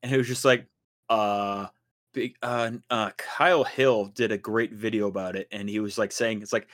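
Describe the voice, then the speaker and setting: A man co-hosts a podcast, rambling through casual chat with plenty of fillers and restarts. His voice is fairly low and a bit bright, with fairly even intonation at a normal speed.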